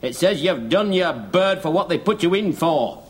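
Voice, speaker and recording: A man's voice: fairly high pitch, lively intonation, moderate pace, close to an everyday voice. An actor playing a weary, wryly humorous elderly male convict with a Northern English accent in a sitcom. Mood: indignant. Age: older. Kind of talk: 1970s TV sitcom acting.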